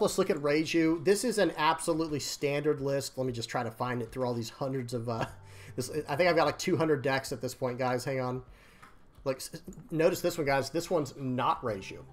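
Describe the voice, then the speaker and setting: A young man chatting casually about his card game decks, rambling and apologetic with restarts and quick laughs. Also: mid-range voice, faint music behind. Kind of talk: casual chat while showing deck lists.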